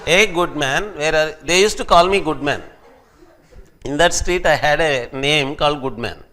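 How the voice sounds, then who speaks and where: A man's voice: on the high side, moderate pace. A man giving a classroom lecture as a professor, acting out quoted speech as he explains. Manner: animated, acts out quoted speech.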